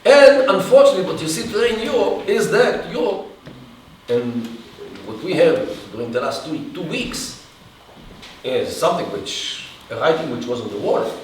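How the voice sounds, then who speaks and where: A man answering an audience question in a halting lecture style, with many restarts and pauses. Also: on the high side, big pitch swings. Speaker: guest speaker. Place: event hall. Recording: echoey room from far off, faint hiss.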